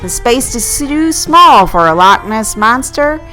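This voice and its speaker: A woman voicing a retired male zoologist who explains things slowly and hesitantly. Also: a little high, lively intonation, pushed and bright, faint music behind, heavily acted, rough recording. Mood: explaining. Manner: slow, lecturing, hesitant.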